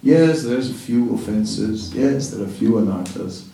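A man's voice: fairly low pitch, expressive, a little slow, gravelly, dark tone. A man giving a devotional talk, earnest and reassuring, repeating words for emphasis. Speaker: spiritual teacher. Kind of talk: devotional talk answering a question. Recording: echoey room, distant mic, faint noise.

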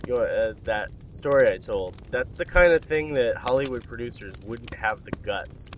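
A man's voice: medium pitch, moderate pace, slight background noise. Rambling man telling a story. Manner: rambling, animated storyteller with swearing. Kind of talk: comedic banter.

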